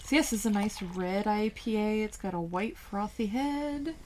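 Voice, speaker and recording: A woman's voice: mid-range voice, normal speed, darkish tone, slight background noise. A woman co-hosting a movie podcast in casual chat, giggly and teasing as she describes a beer. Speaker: podcast co-host.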